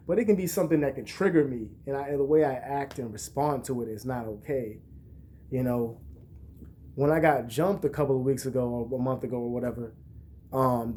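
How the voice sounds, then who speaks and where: A young man vlogging, talking in a casual, profane, rambling way and telling stories with animated bursts. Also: mid-range voice. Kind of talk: casual monologue to camera.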